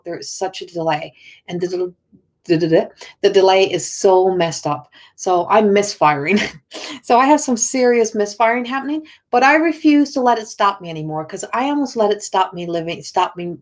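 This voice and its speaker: Halting, earnest woman on a live stream. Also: mid-range voice. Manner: halting, with frequent restarts and repeated words; earnest and encouraging, addressing viewers by name. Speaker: spiritual coach and oracle card reader. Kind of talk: casual live-stream chat to viewers.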